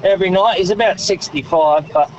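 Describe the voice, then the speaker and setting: An Australian man calling in to radio with a high voice. He is chatty and chuckles as he tells his story. The line is muffled, with faint traffic behind him. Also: brisk, darkish tone. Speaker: radio caller. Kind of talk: telling a story on the phone.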